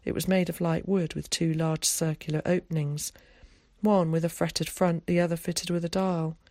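An audiobook narrator reading scripted narration in a measured, even way at a middling pitch. The sound is dry and close, with no room around the voice. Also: dry recording.

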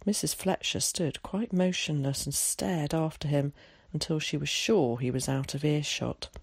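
A narrator reading a novel aloud in a measured storytelling manner. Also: mid-range voice, creaky, husky, no echo, clean studio sound. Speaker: audiobook narrator. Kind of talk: scripted narration.

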